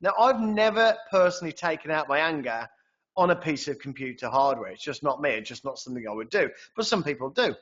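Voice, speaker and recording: A man's voice: a little high, expressive, fast, a bit bright, highs cut off. A man presenting a trading webinar in a conversational way, often tagging sentences with "right?". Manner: conversational, frequent tag "right?".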